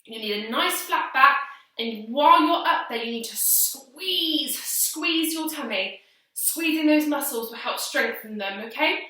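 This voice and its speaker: A woman's voice: high-pitched, animated, a little slow. Breathless woman teacher in echoey hall. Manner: encouraging, clear step-by-step instructions, counting out loud. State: out of breath from exercising while talking. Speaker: primary school PE teacher. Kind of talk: home PE lesson, instructing children. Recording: very echoey hall, distant from mic.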